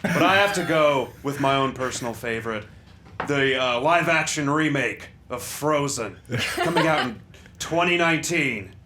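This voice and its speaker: A man putting on a deadpan impression of a famous actor, joking dryly on a panel show. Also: mid-range voice, moderate pace, slight background noise.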